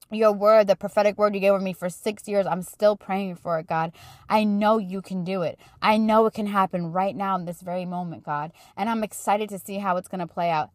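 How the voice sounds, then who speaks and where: A woman's voice: mid-range voice, no echo, clean studio sound. A woman hosting a podcast, speaking unscripted about faith in an earnest, emotional way and growing tearful at times. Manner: emotional, earnest, preaching to listeners. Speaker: podcast host. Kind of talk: spontaneous faith talk.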